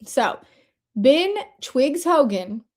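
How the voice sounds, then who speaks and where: A woman hosting a casual commentary show, talking chattily with sarcastic asides and quick shifts between fast and slow delivery. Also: sits high, very animated, darkish tone. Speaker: host. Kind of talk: casual commentary over screen shares.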